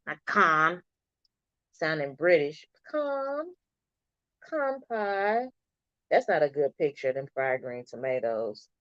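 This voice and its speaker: A middle-aged woman hosts a casual livestream and chats back to her viewers' comments. Her voice sits a bit high and swings widely in pitch at an unhurried pace. The audio is dry and a little dull and lo-fi. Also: no room sound. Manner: chatty, animated, talks back to viewers' comments. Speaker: livestream host. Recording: dull, slightly lo-fi stream audio.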